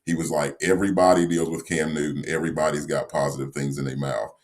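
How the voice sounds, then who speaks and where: A man co-hosting a sports podcast, talking in a measured, reflective way with frequent fillers. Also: extremely low pitch, level tone, darkish tone. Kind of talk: casual sports analysis.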